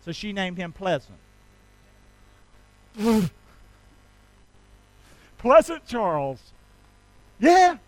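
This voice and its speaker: Male pastor, high and bright, folksy call-and-response preaching, dry close sound. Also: extremely slow, long pauses, no room sound, low-quality recording. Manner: folksy, playful, energetic, often drawing responses from the congregation.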